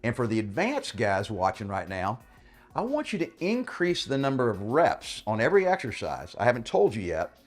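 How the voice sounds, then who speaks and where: A man's voice: medium pitch, wildly swooping pitch, normal speed, faint music behind. A man coaching a bodyweight workout, explaining in a casual, encouraging way and often checking in with "all right?". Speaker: fitness coach. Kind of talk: workout instruction.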